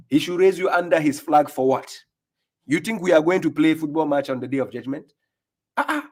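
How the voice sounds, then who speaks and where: A man's voice: fairly high pitch, a little mellow, breathy edge. Scornful, confrontational male preacher. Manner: mocking, confrontational rhetorical questions; laughs in scorn. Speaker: online preacher and commentator. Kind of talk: combative commentary on video clips.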